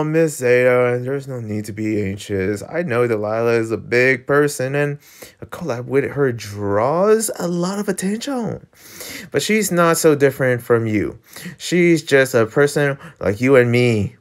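A talent manager with a calm, encouraging manner, read by a man in a webtoon read-aloud. The voice moves lively up and down in pitch. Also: unhurried, natural voice. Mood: reassuring.

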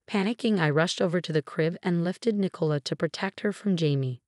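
A woman narrating a first-person story in an even, plain storytelling manner. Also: on the low side, a little fast, no room sound, studio quality.

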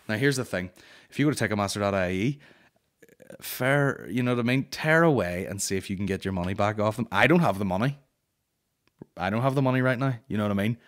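Sweary ranting man, low voice. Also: fast talker. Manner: sweary, heated and exasperated, with frequent "you know what I mean". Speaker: comedy podcast host. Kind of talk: comedic ranting storytelling.

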